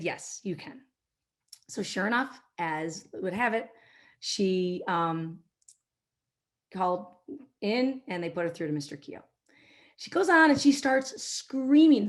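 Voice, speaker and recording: Woman, middle-aged, mid-pitched voice, keynote speaker, anecdotal business talk, acts out quotes softly. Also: animated, normal speed. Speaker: keynote speaker, marketing executive.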